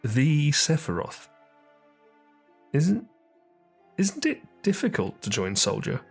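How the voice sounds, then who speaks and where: A man voicing a gentle, anxious young village girl in a soft, hesitant tone pitched up from his own voice. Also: big pitch swings, slow, vocal fry, slightly rough, faint music behind, full character voice.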